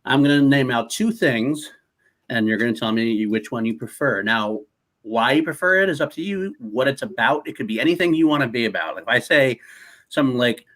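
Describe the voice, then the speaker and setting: A man's voice: mid-range voice, expressive, brisk, a bit bright, rough recording. A man hosting a podcast, introducing a segment with hesitations and fillers. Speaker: podcast host.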